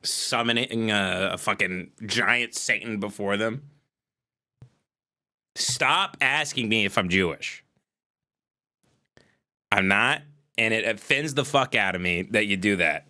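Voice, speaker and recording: A livestream host, a man, talking into his desk mic in a casual rant. His voice is bright and sharp. He sounds exasperated and profane, and he shouts now and then. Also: on the low side, slow, pauses often. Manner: shouts at times. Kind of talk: casual ranting monologue.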